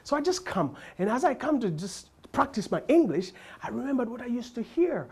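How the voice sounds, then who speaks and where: Animated Ugandan comedian, lively pitch. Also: male voice, brisk, gravelly, husky. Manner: animated, frequent voice switching and laughter. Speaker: stand-up comedian. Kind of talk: stand-up comedy storytelling.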